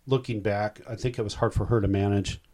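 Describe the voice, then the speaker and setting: Low-voiced older man telling a story. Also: steady tone, fairly quick, dark tone. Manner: rambling, heartfelt, self-interrupting. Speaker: guest. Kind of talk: personal storytelling.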